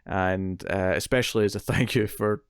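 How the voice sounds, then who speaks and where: A man's voice: sits low, normal speed, clean tone, no room sound, studio quality. A man hosting a horror movie podcast, chatting casually with a lot of fillers and jokes. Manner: rambling, filler-heavy, jokey. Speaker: podcast host.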